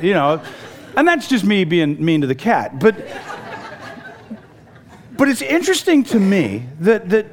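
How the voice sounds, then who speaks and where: A male preacher giving a conversational sermon, telling stories with lively restarts and asides. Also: sits high, gravelly. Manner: conversational and animated, with frequent restarts and storytelling.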